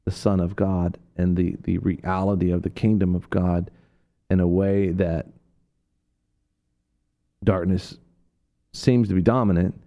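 On a muffled recording, a man preaches on a Christian radio talk show. His stories ramble, thick with fillers and restarts, and he acts out quoted people by abruptly raising his voice high.

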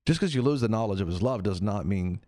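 A man preaching in a relaxed, conversational way, his voice sitting a little low. He is earnest and circles back over his points, now and then slipping into the voices of the people he quotes. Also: fast talker. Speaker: preacher on a radio show.

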